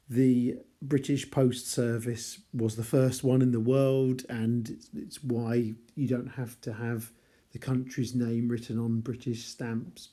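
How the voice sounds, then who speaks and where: A man's voice: mid-range voice, dark tone. A man teaching a novel chapter by chapter in a conversational, wry way with chatty asides. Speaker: literature teacher. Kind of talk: casual chapter-by-chapter novel analysis.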